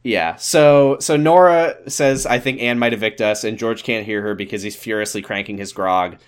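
A man co-hosting a casual podcast, recapping episodes in a deadpan, sarcastic way and swearing freely. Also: on the low side, moderate pace, smooth. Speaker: podcast co-host recapping a show.

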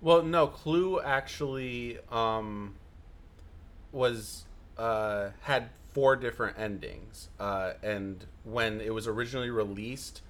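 A man's voice: mid-range voice, slow pace. A man co-hosting a podcast in casual chat, thoughtful and hesitant, with many ums. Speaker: podcast co-host.

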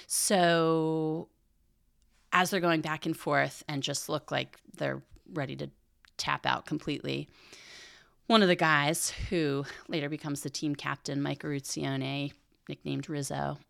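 Woman, low voice, smooth, dry close sound, earnest, conversational teaching. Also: steady tone, a little slow, a bit bright, no echo. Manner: earnest, retells a film scene to explain a point; thinks aloud with frequent restarts and asides. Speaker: Catholic podcast host.

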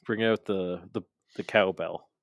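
Low gravelly man recapping wrestling. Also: fairly even intonation, no room sound. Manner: rambling recap, quotes wrestlers in quick mocking asides. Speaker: podcast co-host. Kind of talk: casual wrestling recap chat.

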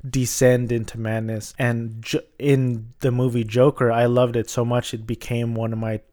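A man's voice: medium pitch, flat delivery, moderate pace, dark tone. Rambling man reviewing movies casually. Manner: rambling, frequent restarts and hedges. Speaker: movie vlogger.

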